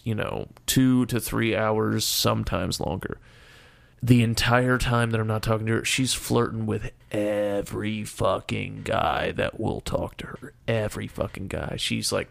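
A man's voice: on the low side, creaky, a bit bright. A young man casually retelling a story in a profane, exasperated way. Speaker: storyteller guest.

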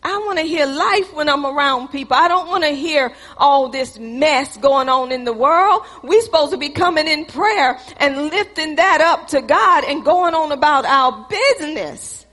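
Woman preacher with a high, bright, fervent voice, exhorting the congregation. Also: animated, measured pace, few pauses. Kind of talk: sermon.

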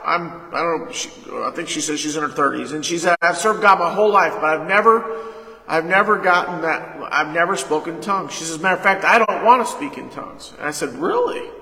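A man preaching a sermon as pastor, leading call-and-response and retelling a conversation, with sudden loud emphasis. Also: a little high, fairly quick. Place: church sanctuary. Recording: echoey hall reverb.

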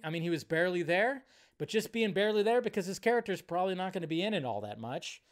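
Man, high-pitched, animated live movie-show host, casual ranter who swears and swings from loud to hushed. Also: fast talker. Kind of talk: casual live-stream rant.

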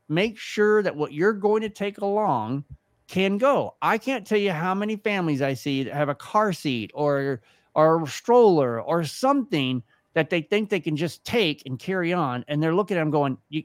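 A podcast co-host tells a story in relaxed conversation, speaking in a somewhat high male voice at a moderate pace. He's animated, acting out the lines of the other people he quotes. The recording is studio quality with no room sound.

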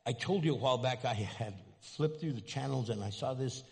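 A man preaching a sermon as pastor, animated and swinging from quiet asides to loud emphasis. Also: medium pitch, brisk, gravelly, big-room sound.

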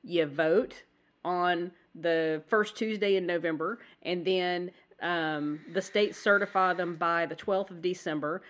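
A woman co-hosting a casual podcast chat while sick with the flu, coughing now and then, chatty and quick to laugh. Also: fairly low pitch, fairly bright tone. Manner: chatty, rambling, laughs easily. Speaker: podcast co-host.

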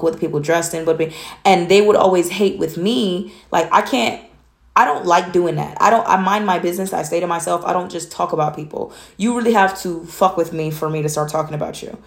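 A young woman from Atlanta hosts a relaxed solo podcast episode. Her voice sits a little low for a woman. She speaks bluntly and candidly, in a straight-to-the-point, matter-of-fact way. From Atlanta, USA. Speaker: podcast host. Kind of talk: casual solo talk.

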